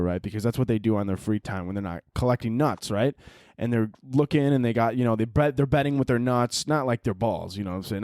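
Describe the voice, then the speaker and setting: A man's voice: mid-range voice, darkish tone, no room sound, studio quality. A man hosting a solo podcast, rambling and joking with frequent swearing. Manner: rambling, profane, jokey. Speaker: podcast host.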